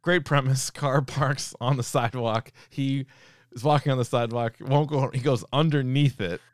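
In clean studio sound with no room echo, a man co-hosting a casual podcast speaks at a moderate pace with medium pitch and fairly even intonation. He recounts comedy sketches, laughing frequently and performing quoted lines loudly.

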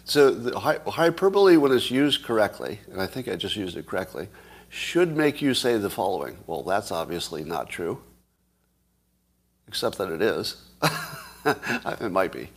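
Husky-voiced man musing to his viewers. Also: lowish voice. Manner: boastful, playfully hyperbolic, shifts deliberately between calm and worked up. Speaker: show host. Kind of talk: casual monologue to viewers.

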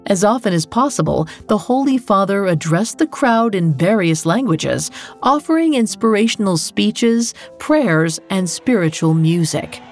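A woman hosting a podcast, giving scripted true crime narration in a measured, dramatic way. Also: mid-range voice. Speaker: podcast host.

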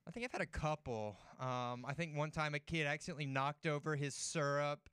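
A man's voice: on the high side, a little fast, fairly bright tone, smooth, no room sound, clean studio sound. A man co-hosting a sports talk show, telling rambling stories in casual chat and filling his talk with "like". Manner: rambling storyteller, heavy use of "like".

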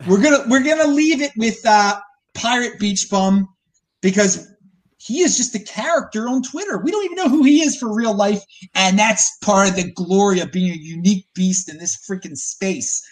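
A man's voice: high voice, normal speed. A man hosting a casual podcast, joking around with his guests and often restarting his sentences. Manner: joking, animated, many restarts. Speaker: podcast host.

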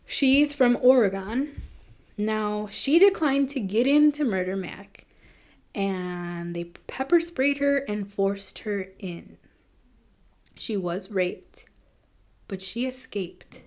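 A woman hosting a podcast, telling a true crime case in a casual, chatty way with quick asides. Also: mid-range voice, animated, darkish tone. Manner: chatty, fast asides with nervous laughs. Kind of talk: casual storytelling.

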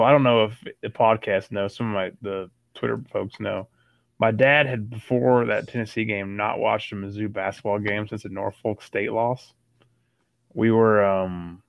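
Low-voiced man telling a rambling story. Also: creaky, no room sound, lo-fi sound. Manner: rambling storyteller with many fillers. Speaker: podcast co-host. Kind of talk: casual sports podcast chat.

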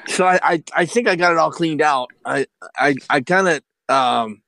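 A man casually playing his part in a tabletop game, rambling with halting restarts. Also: fairly high pitch, vocal fry, bright, forceful tone, no echo. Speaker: player.

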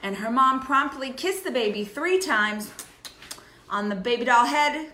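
Woman, 30s, casual chat, bright and a little high, roomy echo. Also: measured pace, slight background noise. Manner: animated storytelling, playful teasing. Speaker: podcast co-host.

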